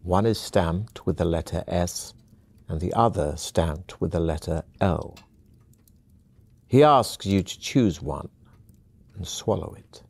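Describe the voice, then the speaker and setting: Male narrator for a fantasy video game: scripted second-person telling, calm and measured, very low and dark, with a dry close sound. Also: vocal fry, slightly rough, no echo.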